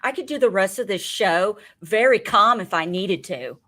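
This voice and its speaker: A woman's voice: medium pitch, lively intonation, moderate pace, pushed and bright. A woman co-hosting a reality-TV podcast in playful, casual chat. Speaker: podcast co-host.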